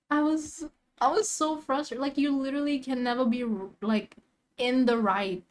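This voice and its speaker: A young woman streamer in a casual reaction rant, full of slang and filler words, swinging from low mutters to near-shouting. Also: lively intonation, brisk.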